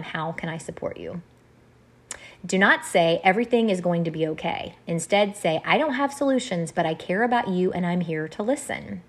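Woman, group leader, reading graphics aloud, gentle, earnest, explanatory, husky, lowish voice.

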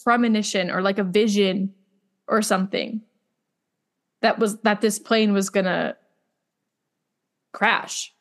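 A woman's voice: mid-range voice, fairly even intonation, slow, pauses often. A young woman co-hosting a casual podcast, talking with lots of fillers and getting openly emotional. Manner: chatty, filler-heavy, emotional. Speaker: podcast co-host. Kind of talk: casual chat.

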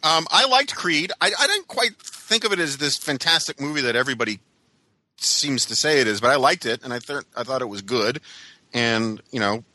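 A man's voice: medium pitch, expressive, moderate pace, bright, forceful tone, dry recording. A man co-hosting a casual podcast chat, musing hesitantly with many ums. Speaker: podcast co-host.

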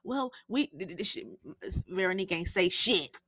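A woman's voice: lowish voice, moderate pace, pushed and bright, no room sound. A young woman hosting a TV recap podcast, telling the episode in a blunt, profane, chatty way. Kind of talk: casual spoken show recap.

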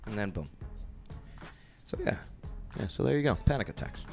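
A man hosting a casual opinion talk show, blunt and jokey, animated and fond of asides. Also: on the low side, normal speed, gravelly, soft background music.

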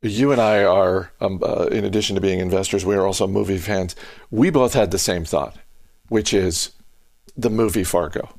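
A man's voice: deep voice, moderate pace, darkish tone, no echo. A man hosting a podcast, chatting casually and restarting his sentences often. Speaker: podcast host.

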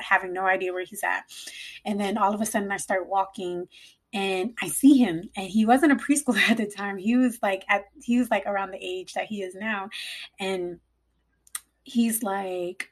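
A woman's voice: medium pitch, steady tone, brisk. A young woman and mother telling a personal story casually, rambling with lots of "like" and cursing freely. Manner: rambling, frequent "like", swears freely.

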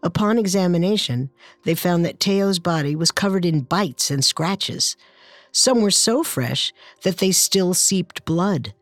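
Female true-crime co-narrator, lower voice, dry studio sound. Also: lively intonation, measured pace, no room sound, soft background music.

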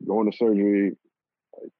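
A young man casually telling a personal story, animated and swearing and laughing at himself. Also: lowish voice, normal speed, dry recording. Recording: lo-fi phone-like audio.

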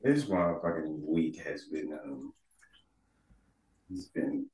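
A man co-hosting a casual podcast chat, profane and animated, laughing often and trailing off quietly. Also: very deep voice, slow. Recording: echoey room.

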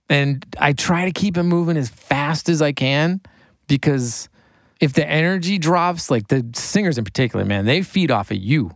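Excitable man, dry studio mic. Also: mid-range voice, no room sound. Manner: excitable, quick, laughs often, says like a lot. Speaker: record producer and engineer. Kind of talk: casual podcast interview.

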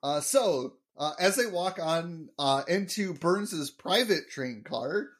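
Joking man with a lively voice. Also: fairly high pitch, slow. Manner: joking, laughs often, explains trivia. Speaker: podcast co-host. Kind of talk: casual episode recap chat.

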